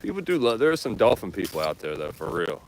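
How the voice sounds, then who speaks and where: A man's voice: fairly low pitch, sing-song, quick pace, a little hiss or hum. A man musing aloud to his viewers outdoors while walking with his dogs. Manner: laid-back, musing, talks to his dogs. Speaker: vlogger. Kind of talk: rambling outdoor chat.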